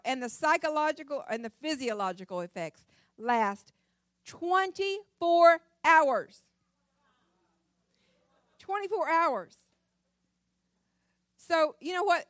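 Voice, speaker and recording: Lively high-voiced woman preacher. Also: no echo, clean studio sound. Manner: animated, laughs often, sings snippets. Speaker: speaker at a church women's session. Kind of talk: humorous devotional talk.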